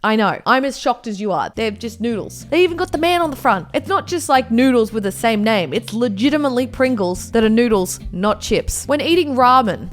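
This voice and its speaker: An Australian woman hosting a reaction video, talking in a casual, animated way with loud exclamations and jokes at her own expense. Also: high-pitched. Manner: animated, exclaiming, self-mocking.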